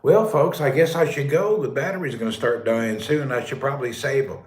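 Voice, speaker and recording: A man live streaming casually from his dark house during a power cut, talking to viewers and calling out high and loud to his pet. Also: brisk. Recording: echoey room.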